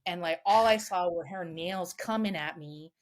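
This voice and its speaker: Animated middle-aged woman, swearing storyteller. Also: lowish voice, moderate pace. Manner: animated, swears freely, acts out quoted voices. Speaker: podcast guest. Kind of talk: candid storytelling.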